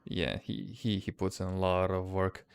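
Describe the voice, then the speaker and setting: Chatting in a live stream, this man speaks with a deep, gravelly yet smooth voice, keeping a level tone at a moderate pace. He's a comics creator based outside the US, relaxed and casual, quick to laugh and swear.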